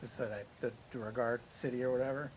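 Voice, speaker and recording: A man playing a tabletop game, thinking aloud in halting bits. His voice sits in a middle range. A faint hiss runs under the recording. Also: mid-range voice, fairly even intonation. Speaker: player. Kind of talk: casual tabletop play.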